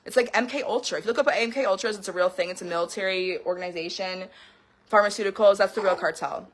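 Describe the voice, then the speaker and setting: A woman's voice: medium pitch, fast talker. A woman in her thirties ranting to camera in a heated personal vlog, swearing freely and veering between laughter and tears. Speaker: vlogger. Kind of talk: emotional personal rant to camera.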